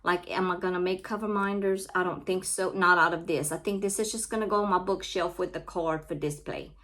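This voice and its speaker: A woman's voice: lowish voice, steady tone, fairly quick, fairly bright tone. Woman, crafting-channel host, heartfelt and on the edge of tears, casual vlog delivery. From Louisiana. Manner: heartfelt, repeats her thanks, says y'all constantly. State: close to tears.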